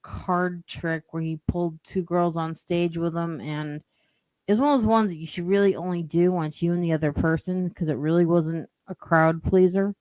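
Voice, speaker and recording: A woman's voice: fairly low pitch, steady tone, normal speed, a little mellow, no echo. A woman telling a rambling story as a podcast guest, with lots of "like" and "you know". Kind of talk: casual storytelling.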